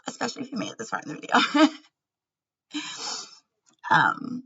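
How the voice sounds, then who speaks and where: A woman's voice: on the high side, huge pitch swings, moderate pace, vocal fry, pauses often, fairly bright tone, husky, lo-fi sound. A woman talking candidly in a personal vlog, earnest and laughing often between words. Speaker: vlogger.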